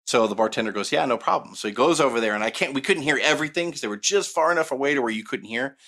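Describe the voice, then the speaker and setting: A man co-hosting a podcast, telling long casual anecdotes with lots of fillers and animated retellings of what others said. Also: mid-range voice, racing. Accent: Southern Californian. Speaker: podcast co-host. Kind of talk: casual storytelling.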